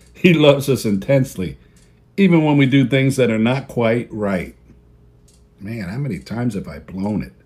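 A man's voice: mid-range voice, expressive, measured pace, a little mellow. A man pastor delivering a folksy sermon, repeating key phrases for emphasis. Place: church video service.

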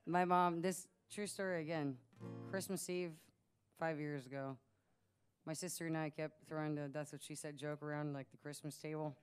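A woman's voice: sits low, steady tone, moderate pace, clear, resonant tone. A woman in her late twenties chatting casually from the stage of a small music venue, telling a rambling story with plenty of laughs. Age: late 20s. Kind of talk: casual stage banter at a live show.

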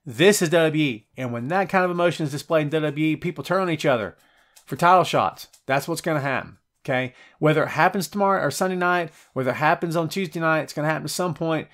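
A middle-aged man hosting a live show, reading out chat messages and wisecracking in an animated, conversational way. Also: fairly high pitch, quick pace. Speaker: podcast host.

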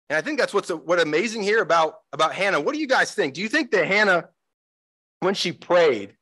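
A pastor, a man, preaching a sermon in an animated way, acting out the voices he quotes. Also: sits high, brisk, no echo, poor audio. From United States.

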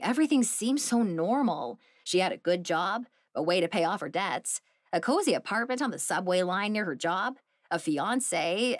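A woman narrating a cozy mystery audiobook in an expressive storytelling manner. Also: on the low side, dry recording, studio quality. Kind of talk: scripted narration.

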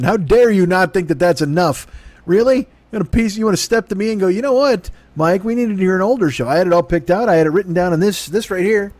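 A man's voice: a little high, darkish tone, dry recording. A man hosting his own comedy podcast, rambling and swearing in a self-mocking monologue. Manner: rambling, profane, self-mocking, bursts into silly crooning. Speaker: podcast host.

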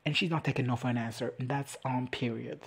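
Chatty, profane reaction vlogger with a husky voice. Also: medium pitch, fairly even intonation, fast talker. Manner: chatty, profane, laughs often. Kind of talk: casual comedic recap.

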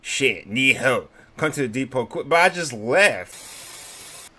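A young man talking over his gameplay in an easy, mid-pitched voice, full of slang and quick reactions. He sounds like a streamer sitting at his computer mic. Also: expressive, bright, forceful tone, slightly rough. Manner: laughing, rowdy slang. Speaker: gaming streamer. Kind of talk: casual gameplay commentary.

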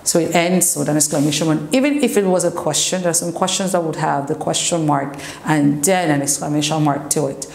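A woman teacher explaining English grammar in a slow classroom lesson, sometimes switching into French. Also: low-pitched, creaky, darkish tone. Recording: echoey room with faint noise.

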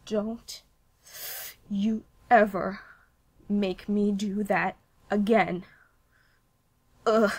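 Woman doing a cold deadpan cartoon girl. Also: mid-range voice, extremely slow, long pauses. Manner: flat, dry, contemptuous. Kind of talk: cartoon voice acting demo.

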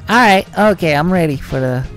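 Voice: medium pitch, lively intonation, a bit bright, soft background music. A gaming channel host giving live let's-play commentary, thinking aloud and breaking into panicky, swearing outbursts while playing. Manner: thinks aloud, reading game text slowly.

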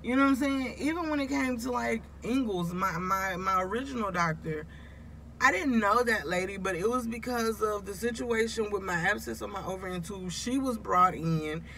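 Gravelly-voiced emotional woman vlogger. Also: medium pitch, normal speed, a bit bright, a little hiss or hum. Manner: rambling, confiding, talks straight to viewers. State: emotional, close to tears. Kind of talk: casual confessional vlog.

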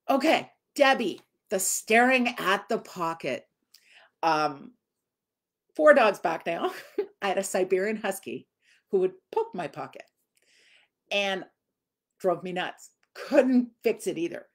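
A chatty woman talks through dog training tips in an easygoing live Q&A. Her voice sits at a middle pitch, and she slips into little acted-out voices to show how people and dogs behave. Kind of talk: live Q&A teaching.

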